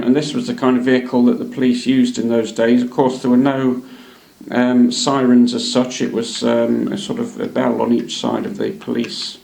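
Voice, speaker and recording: Man hosting a hobby show, gravelly, chatty and halting, echoey room. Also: medium pitch, darkish tone. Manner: chatty, hesitant, many ums and uhs. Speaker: hobby channel host. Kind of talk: casual show-and-tell narration.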